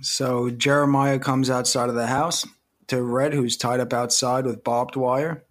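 A man co-hosting a podcast, explaining and summarizing in a steady way. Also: medium pitch, a little slow. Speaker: podcast co-host. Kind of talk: casual podcast discussion and summary.

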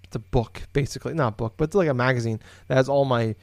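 A podcast co-host talks from his home office, his medium-pitched voice moving fast with no echo. He tells a long story casually, rambling along with plenty of fillers and restarts.

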